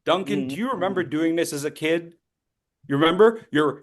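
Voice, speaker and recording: A man coaching public speaking on a video call, teasing his students by name and stressing his words slowly as he teaches. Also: on the high side. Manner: playful, teasing participants by name; slow, deliberate emphasis when teaching. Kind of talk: online voice workshop.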